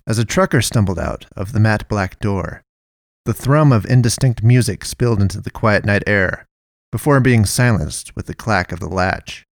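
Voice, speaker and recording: Male narrator, lowish voice, measured storytelling, dry close mic. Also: vocal fry, no room sound. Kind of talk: audiobook-style story narration.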